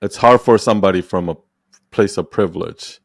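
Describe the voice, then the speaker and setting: A man's voice: low-pitched, fairly quick, creaky, dry recording, clean studio sound. A man hosting a podcast, coaching his guest in casual talk, probing with questions and often checking whether he is understood. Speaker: podcast host.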